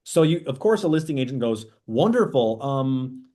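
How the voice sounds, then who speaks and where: A man teaching real estate agents in an animated training talk, often acting out quoted dialogue. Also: a little high, quick pace.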